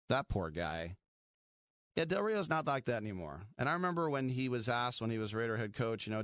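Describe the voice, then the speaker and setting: A man's voice: mid-range voice, lively intonation, a little fast, fairly bright tone, no echo, studio quality. A middle-aged man hosting sports radio, chatting in a wry, rambling way and laughing at his own jokes. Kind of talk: casual sports talk radio.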